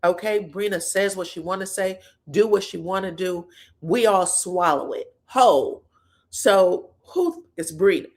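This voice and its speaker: A woman's voice: medium pitch, unhurried, a little mellow. A woman host in casual, chatty commentary, retelling reality TV drama in blunt slang with frequent swearing. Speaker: pop culture commentator.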